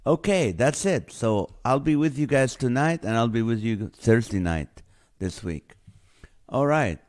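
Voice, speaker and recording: A man's voice: medium pitch, animated, measured pace, darkish tone. A middle-aged man hosting a live show, greeting viewers by name and telling a funny story in a chatty way. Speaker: host. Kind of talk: casual live-stream chat.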